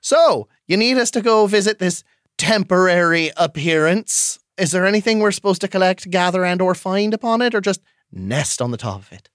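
A man playing a character at a tabletop session, trading wry jokes. His voice sits a bit high and is recorded dry and close. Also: animated, moderate pace, fairly bright tone, no room sound. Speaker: player.

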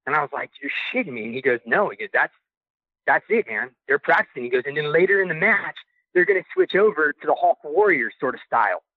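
A man telling a backstage story in a casual, animated way, acting out the things people said to him. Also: a little high, fast talker, no room sound. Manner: animated, acts out quoted dialogue. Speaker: guest recounting backstage experience. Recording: tinny phone line.

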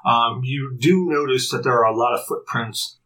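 A man's voice: medium pitch, bright, forceful tone, rough recording. Man running a tabletop game. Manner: halting, with frequent restarts and fillers. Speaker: game master.

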